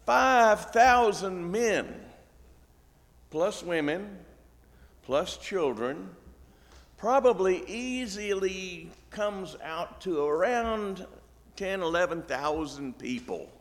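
Male preacher, fairly high and gravelly, folksy and joking, in a long-echoing hall. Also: animated, takes it slowly. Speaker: pastor. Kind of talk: sermon.

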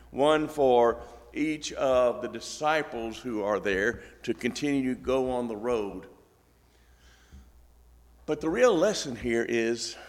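A middle-aged man preaching a sermon, telling the story in a folksy way with acted asides. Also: mid-range voice. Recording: long reverb in a large hall.

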